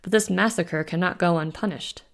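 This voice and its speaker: A woman voicing an older male werewolf alpha with a gruff, stern manner. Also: lowish voice, normal speed. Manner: suspicious, stern.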